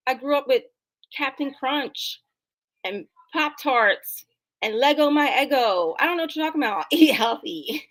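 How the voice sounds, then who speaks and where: Brief: middle-aged woman, slightly high voice, emphatic guest sharing a personal testimony. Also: moderate pace, low-quality recording. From New Jersey. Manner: animated, emphatic, acts out dialogue. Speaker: interview guest.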